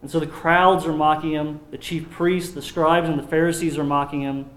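A man preaching a sermon, slowing down when he reads scripture aloud. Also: fairly high pitch, level tone, reverberant. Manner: slows down to read scripture aloud.

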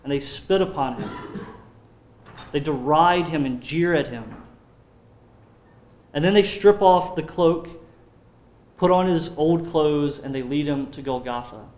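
A man preaching a sermon, slowing down when he reads scripture aloud. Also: fairly high pitch, a little mellow, echoey room. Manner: slows down to read scripture aloud.

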